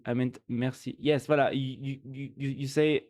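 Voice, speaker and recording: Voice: medium pitch, fairly even intonation, normal speed, dark tone. A streamer from France, speaking English with a French accent and French as their first language, chatting playfully with viewers late at night while tired. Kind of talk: casual late-night live-stream chat.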